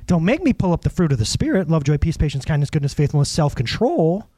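A man's voice: a little high, fast, dry recording. A man preaching a casual, conversational sermon, telling personal stories, acting out other people and chuckling along the way. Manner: animated storyteller, acts out other people, chuckles often.

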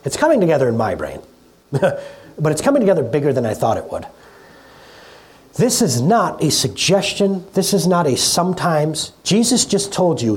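A middle-aged pastor preaching in a relaxed, conversational way in a church, often repeating words and laughing at themself. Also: medium pitch, moderate pace. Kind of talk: conversational sermon. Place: church hall.

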